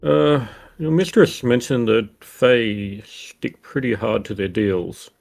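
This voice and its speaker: Gravelly low-voiced man questioning in character. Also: slow. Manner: calm, probing questions. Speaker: player. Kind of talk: tabletop role-play.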